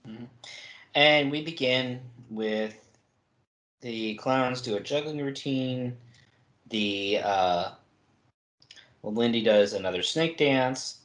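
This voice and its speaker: A man's voice: mid-range voice, takes it slowly, long pauses, a bit bright. A man co-hosts a laid-back book discussion and walks through the plot with wry asides. His voice sits in the middle of the range. The recording carries a noticeable room echo. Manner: recaps chapter events with asides. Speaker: podcast co-host.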